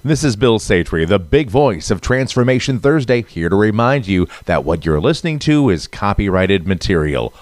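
A man's voice: on the low side, no echo. A man reading a scripted podcast announcer voice-over in a playful, jokey way.

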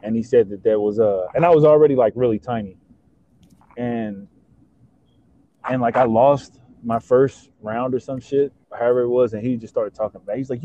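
A young man in casual chat, excitable and slangy, swearing and stacking fillers as he talks. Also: medium pitch, moderate pace. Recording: dull lo-fi sound.

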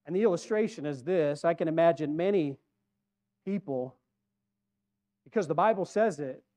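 A man's voice: on the high side, normal speed, mellow. A man preaching a conversational sermon, rambling and putting questions to the congregation.

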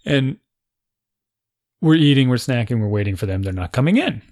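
A man's voice: medium pitch, animated, normal speed, a little mellow, dry recording, clean studio sound. A man in his forties casually telling a funny family story, acting out quotes and laughing often.

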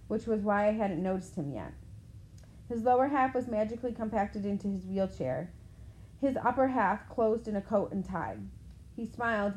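A woman reading a first-person novel aloud in a steady, plain storytelling manner. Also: mid-range voice, a little hiss or hum, rough recording. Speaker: audiobook narrator.

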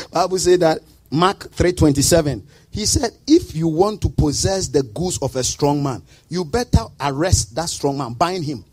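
A male pastor preaching a sermon in a rhythmic, sing-song way, breaking into emphatic shouts. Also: fairly high pitch, animated, unhurried, slightly rough, dry recording.

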